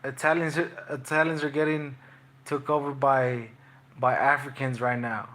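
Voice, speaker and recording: A man's voice: medium pitch, level tone, normal speed, a bit bright. A young man, a boxer, taunting his livestream chat in slangy, repetitive trash talk.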